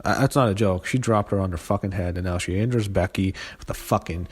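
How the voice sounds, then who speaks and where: An angry man with a low-pitched voice rants through a casual wrestling review, swearing hard and stumbling over fillers and restarts. His voice trails off into a long reverb, as if he is in a large, echoing hall. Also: breathy edge. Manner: angry profane ranting; halting, full of fillers and restarts.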